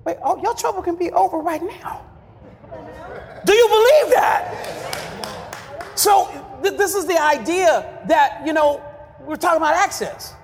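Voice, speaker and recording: A pastor preaching a sermon with call-and-response and shouted refrains. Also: male voice, very high voice, lively intonation, unhurried, pauses often, big-room sound.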